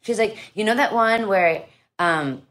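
A woman's voice: mid-range voice, unhurried, fairly bright tone. A woman guest on a podcast, recounting scenes in casual chat and laughing often.

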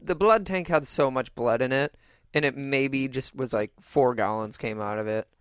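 A man's voice: medium pitch, normal speed, smooth, dry recording. A man co-hosting a casual movie chat, making dry, sardonic asides. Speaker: podcast co-host.

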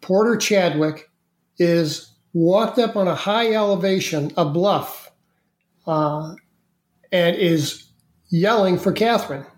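A man appearing as a podcast guest, recounting a story in an unhurried, vivid way with frequent restarts. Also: sits high. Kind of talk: conversational storytelling. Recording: roomy, echoey sound.

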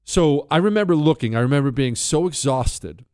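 This middle-aged Montana talk show host has a clear, resonant voice on the high side and speaks at normal speed. In his storytelling monologue he's wry and conversational, becoming animated as he shouts drill instructor lines. The studio-quality recording has no room sound.

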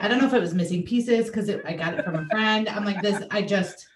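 A woman's voice: medium pitch, fast, noisy background. A woman hosting a podcast, chatting casually and enthusiastically with a guest and laughing often. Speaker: podcast host. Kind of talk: casual interview chat. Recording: roomy echo, distant mic.

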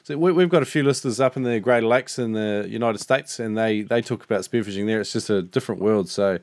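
A man's voice: on the low side, fast talker, a little mellow, dry recording, studio quality. A man hosting a podcast, relaxing into casual chat and asking questions. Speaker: podcast host.

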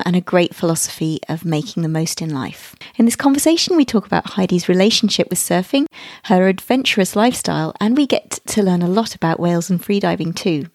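A woman's voice: fairly low pitch, a little mellow, no room sound, clean studio sound. A woman hosting a podcast, enthusiastic and chatty as she introduces and interviews her guest. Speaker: podcast host.

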